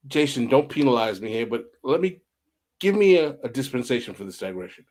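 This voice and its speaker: A male podcast host with a lively voice that swings widely in pitch. He presses his points in an emphatic and provocative way and drives the conversation forward. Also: brisk. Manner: emphatic, provocative, animated questioning. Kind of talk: interview.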